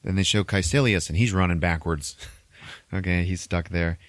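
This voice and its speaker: Man, podcast host, low voice, casual movie recap, profane, laughs often, dry sound. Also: normal speed, no room sound. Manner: animated, swearing, laughing often.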